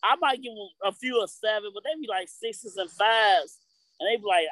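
Male co-host, high voice, slangy and emphatic, dry close sound. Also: moderate pace, bright, forceful tone, no echo, poor audio. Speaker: podcast co-host. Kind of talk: casual podcast chat.

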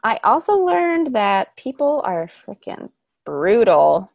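A woman's voice: mid-range voice, big pitch swings, takes it slowly, vocal fry, a little mellow, no echo. A young woman who performs on stage, talking casually in an interview, chatty and self-deprecating with many restarts.

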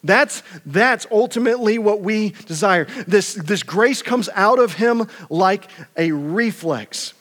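A pastor preaching a conversational sermon, asking rhetorical questions and often repeating words. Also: male voice, fairly high pitch, a bit bright.

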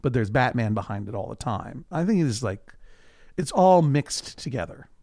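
Lively, animated man podcast host. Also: mid-range voice, moderate pace, no room sound, clean studio sound. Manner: animated, acts out characters in quoted voices. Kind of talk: casual recap chat.

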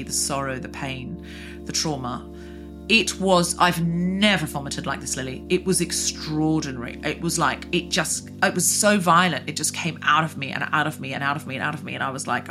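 A woman podcast host telling a personal story in earnest, halting chat. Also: low-pitched, music in the background. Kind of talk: casual chat.

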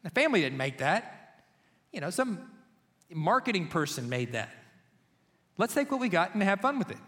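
Guy doing his patient wife, calm and soft, high voice, echoey hall. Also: normal speed. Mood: gentle. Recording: long reverb of a large hall.

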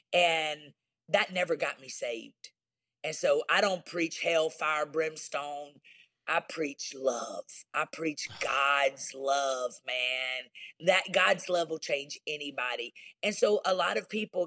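A woman's voice: low-pitched, fairly bright tone. A woman with a Southern US drawl talks candidly as a guest on an interview show. She is a pastor, and her delivery is emphatic and folksy, like someone used to preaching.

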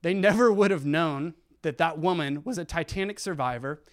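A man with a higher, smooth and clear voice tells a story to an audience. He acts out each exchange of dialogue with quick shifts of voice. The delivery is animated and theatrical. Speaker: guest speaker. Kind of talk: storytelling talk.

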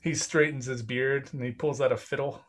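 A man's voice: medium pitch, fairly even intonation. Laid-back young man running a game. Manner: casual and laughing, acting out the figures in quick bits. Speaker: game master. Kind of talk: narrating a tabletop game.

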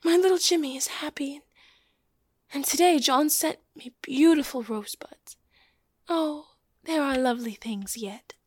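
A woman's voice: high-pitched, animated, normal speed, dry recording, studio quality. A woman voicing a tender young woman who cares for a small boy, emotional and at times whispering, in an audio play reading. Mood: yearning.

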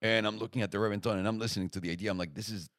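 A young man telling a story in casual chat, lively and swearing freely, acting out the other people's lines. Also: lowish voice, very fast, no echo, studio quality. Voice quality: animated storyteller, swears freely, acts out quoted voices.

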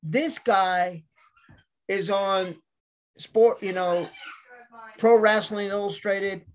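A man's voice: sits high, fairly even intonation, drawn-out words, slight background noise. A man in casual chat, telling rambling stories and acting out what people said. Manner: rambling storyteller, acts out quotes. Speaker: podcast guest.

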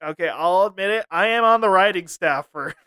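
A man's voice: high voice, a little fast, bright, forceful tone, clean tone, no echo. A man co-hosting a comedy podcast, laughing often and ranting in mock seriousness. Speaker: podcast co-host. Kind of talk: casual comedy chat.

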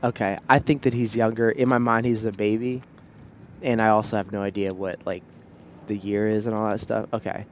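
A man's voice: on the low side, little pitch movement, a little fast, a little hiss or hum. Playful joking man hosting a podcast. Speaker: podcast host. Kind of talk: casual chat.

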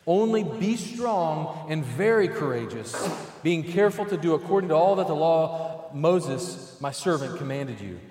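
A man delivers a sermon with a conversational, emphatic preaching manner, dropping casual asides as he goes. His voice sits a little on the higher side. The sound rings out in a roomy hall with a long reverb tail. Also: lively intonation, a little slow, darkish tone, a little hiss or hum. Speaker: pastor.

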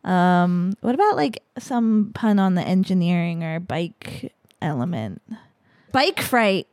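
A woman in a casual podcast brainstorm, playful and quick to laugh. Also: fairly low pitch, very animated, a little mellow, no echo. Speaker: podcast guest.

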